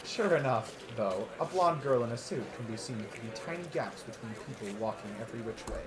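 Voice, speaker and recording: A man's voice: mid-range voice, lively intonation, fast talker, a loud crowd. A man streaming a visual novel playthrough, reading the narration aloud with joking asides. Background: game music.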